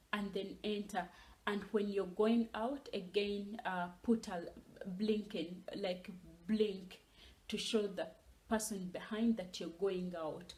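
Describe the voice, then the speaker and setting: A young woman telling her own story in a casual vlog, animated and dropping into whispers for asides. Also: mid-range voice, rough recording. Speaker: vlogger.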